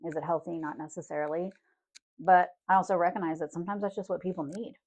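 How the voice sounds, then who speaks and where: A woman's voice: fairly low pitch, steady tone, fast, a little mellow. A middle-aged woman co-hosting a podcast, chatting casually, telling stories and swearing freely. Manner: storytelling, swears freely, acts out quotes. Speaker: podcast co-host. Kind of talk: casual chat.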